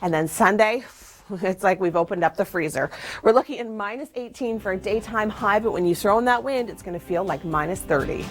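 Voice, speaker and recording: A woman's voice: mid-range voice, brisk, faint music behind. A woman presenting the TV weather forecast in an upbeat, chatty way, leaning on key words. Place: TV studio.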